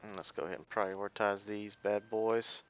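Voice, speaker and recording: A man's voice: fairly low pitch, level tone, normal speed, lo-fi sound. A man giving casual gameplay commentary as a let's play streamer, thinking aloud and muttering half-finished sentences as he plays.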